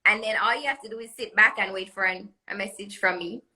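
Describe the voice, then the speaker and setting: Caribbean woman designer, bright crisp tone, chatty and promotional, live stream call audio. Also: mid-range voice, fast, rough recording. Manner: chatty, laughs often, promotional. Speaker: jewelry designer guest. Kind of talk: live social media interview. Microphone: phone or webcam on live video call.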